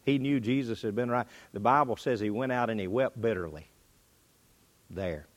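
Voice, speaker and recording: Man, preacher, sermon delivery, dramatic rises and hushed drops. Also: normal speed. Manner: dynamic delivery, pitch and volume rising and dropping.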